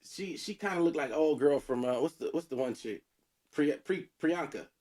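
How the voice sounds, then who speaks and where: A man's voice: fairly high pitch, lively intonation, normal speed, darkish tone. Easygoing man bantering on a podcast. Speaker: podcast co-host. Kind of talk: casual banter.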